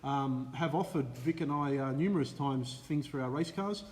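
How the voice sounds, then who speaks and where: This Australian man speaks at medium pitch and a moderate pace, his voice carrying the sound of a large hall. Co-hosting a casual racing live stream, he cheerfully greets viewers by name, dropping many "uh" fillers along the way.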